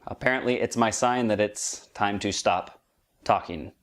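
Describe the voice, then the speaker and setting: A man's voice: on the low side, measured pace. A man giving a playful statistics video lecture, joking and talking straight to his viewers. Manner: jokey, chatty, addresses viewers directly. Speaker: statistics educator. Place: goes outdoors to a duck pen.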